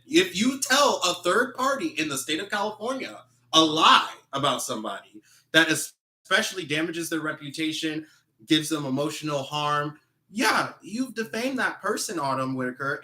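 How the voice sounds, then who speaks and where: A man with a bright, forceful voice talks animatedly as a podcast guest, pausing to read messages aloud before reacting with indignation. His voice sits a little high for a man. The room around him is echoey. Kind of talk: casual podcast talk.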